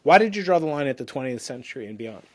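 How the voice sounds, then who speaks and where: A middle-pitched man in his fifties hosts a science interview, musing aloud and circling his questions with restarts and filler phrases. His pitch sits in an ordinary range. The delivery is loose and conversational. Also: sing-song, fast talker. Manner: rambling, restarts, many "you know"s. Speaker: podcast host, physicist.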